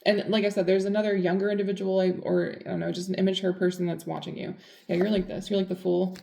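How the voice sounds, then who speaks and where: A woman's voice: mid-range voice, flat delivery, fast talker, vocal fry, mellow, echoey room. A woman giving a casual tarot reading, chatty and blunt, full of fillers. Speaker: tarot reader.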